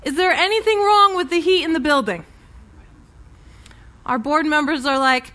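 A woman preaching a sermon in a relaxed, conversational way. Her voice sits a little high for a woman. She tells stories and often restarts her sentences. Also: normal speed, long pauses. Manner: conversational storytelling with many restarts.

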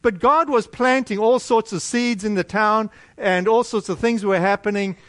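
Man, American accent, high voice, sermon storytelling, animated, conversational. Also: normal speed, dry recording. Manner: animated, conversational, with many restarts. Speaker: preacher.

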